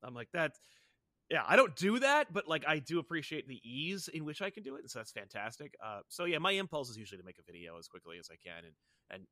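With no room sound, a man in his thirties speaks fast in a high-ish, sing-song voice that is bright and forceful. He's a comics YouTuber guesting on a podcast, and his casual chat rambles with frequent fillers and restarts.

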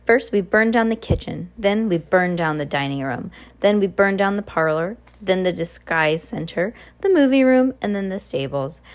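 A woman reading aloud and voicing a gleeful, boastful female arsonist villain with a deep, purring voice. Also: animated, moderate pace, few pauses, natural voice.

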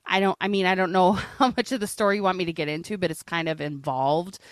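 A woman gives an interview in a candid, personal way. Her voice sits a little low, and her speech is halting and earnest, with many restarts. The sound is dry and close, with no room echo. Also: steady tone. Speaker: interview guest.

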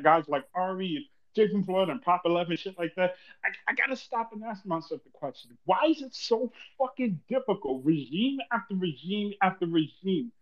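New guy venting about his team on a pod, high-ish voice, cussing a lot, muffled lo-fi sound. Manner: frustrated, profane, rambling. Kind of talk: casual podcast rant.

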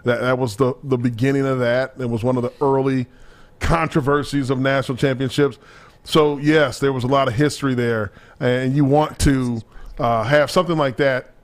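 A man's voice: medium pitch, moderate pace. Man, sports talk co-host, casual chat, easy banter. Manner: animated, laughing banter.

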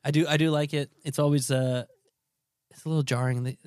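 A man's voice: fairly high pitch, fairly even intonation, a little fast, a little mellow, smooth, no echo, clean studio sound. A man co-hosting a podcast, chatting casually, laughing often and trailing off mid-sentence. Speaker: podcast co-host. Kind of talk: casual chat.

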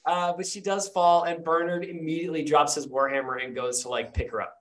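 A man's voice: on the high side, fairly even intonation, fairly quick, a bit bright. A man narrating a tabletop game as game master, with rambling, filler-heavy storytelling.

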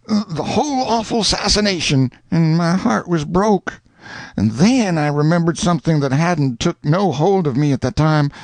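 A man voicing a grieving man testifying in court, with measured, folksy delivery in an audiobook reading. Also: on the high side, gravelly, a little mellow, no echo.

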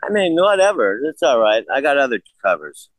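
A man's voice: medium pitch, very animated, normal speed, no room sound, poor audio. An older man in a casual interview, blunt and profane, rambling through stories. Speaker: guest.

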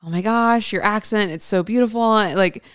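A woman's voice: medium pitch, normal speed, smooth, dry recording, studio quality, natural voice. A woman quoting an eager young woman at an audition who gushes and sounds unsure of herself. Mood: gushing. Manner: gushing, unsure.

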